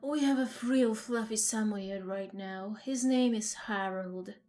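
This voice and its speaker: A woman's voice: medium pitch, a little slow, a little mellow, natural voice. A woman voicing a dry, matter-of-fact middle-aged woman who works at a dog shelter. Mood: deadpan.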